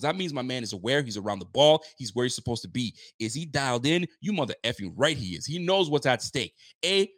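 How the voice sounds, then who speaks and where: A man's voice: fairly high pitch, a bit bright, dry recording, studio quality. A man hosting a live stream, recapping a football game with hyped, joking, rhetorical delivery. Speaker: fan channel host.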